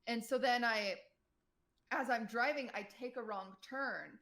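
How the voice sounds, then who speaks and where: A young woman streamer telling a personal story to her chat in a casual, animated way, full of fillers and quoted voices. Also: a little high, unhurried. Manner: animated retelling, quotes people, many "like" fillers.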